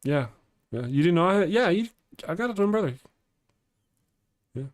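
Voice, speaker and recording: A man's voice: high-pitched, sing-song, normal speed, dry recording, clean studio sound. A man hosting a live stream in casual chat, rambling and chuckling as he reads viewer comments aloud. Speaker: live-stream show host.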